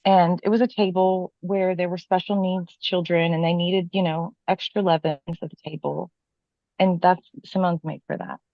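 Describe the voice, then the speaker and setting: A woman in casual chat, telling a story with animated delivery and casual swearing. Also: fairly low pitch, moderate pace, dry recording, highs cut off. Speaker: podcast co-host telling a work story.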